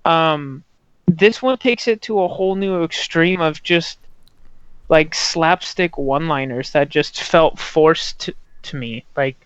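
A man's voice: on the high side, slow pace, a bit bright, clear, resonant tone, no echo. Casual podcast guy, swears a lot, lots of ums, dry muffled mic. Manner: blunt, swears freely, many fillers. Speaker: podcast co-host.

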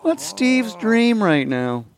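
A man's voice: high-pitched, very animated, takes it slowly. A man hosting a comedy podcast, playfully asking teasing questions in casual chat.

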